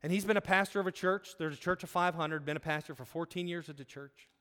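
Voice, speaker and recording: A preacher with a fairly high, fast, pushed and bright voice delivers a sermon in an earnest, conversational manner. His tone is clear and resonant as he tells a personal story, often restarting his sentences. A large hall gives the recording a long reverb.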